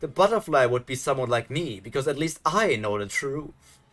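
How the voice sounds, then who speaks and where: A gloating, mocking villain. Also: male voice, medium pitch, big pitch swings, moderate pace, fairly bright tone. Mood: taunting. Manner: mocking, taunting, sing-song laughter. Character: gloating male villain who toys with captives. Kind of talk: animated series dub.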